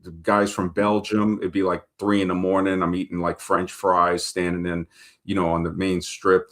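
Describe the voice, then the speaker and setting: Male host, New York accent, deep voice, casual rambling livestream storyteller. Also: moderate pace. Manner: rambling, animated anecdotes with many fillers. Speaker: show host reading viewer comments.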